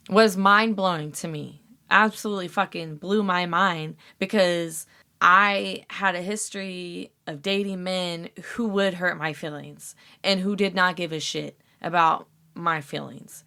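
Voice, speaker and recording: A woman's voice: fairly low pitch, fairly even intonation, a little slow, sharp tone. A woman hosting a podcast, talking candidly about relationships in a casual advice monologue, swearing freely and using lots of fillers. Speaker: podcast host.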